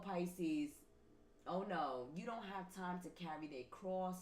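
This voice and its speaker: A woman's voice: fairly low pitch, slow pace, a little mellow. A woman reading tarot for her viewers, talking emphatically and repeating herself like a preacher. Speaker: tarot reader. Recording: roomy with faint ambient noise.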